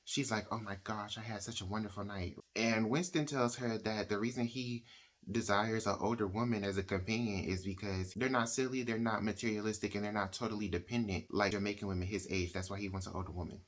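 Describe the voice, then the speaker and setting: A man's voice: on the low side, steady tone, fairly quick. A man casually retelling a novel's plot as a book reviewer, talking in a chatty way and often acting out the characters' lines. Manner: chatty, uses "like" and "she's like" quotes.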